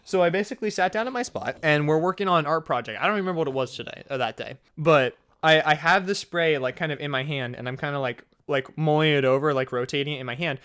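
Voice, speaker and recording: A young man in his twenties telling a funny school story in casual vlog chat, full of fillers, and he jumps up high for exclamations. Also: fast talker, few pauses, a bit bright, smooth. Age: young adult. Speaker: storytelling vlogger.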